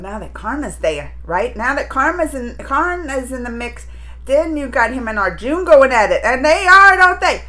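High-voiced chatty woman vlogger. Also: sing-song, moderate pace, sharp tone. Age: adult mother. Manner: rambling, emotional, chatty. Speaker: reaction video host. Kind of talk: casual reaction vlog chat.

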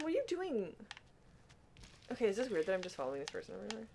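A woman's voice: fairly high pitch, very animated, a little fast, long pauses, warm tone, slight background noise. A young woman hosting a gaming vlog, talking casually and panicking and laughing a lot as she plays. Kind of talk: casual gameplay chat.

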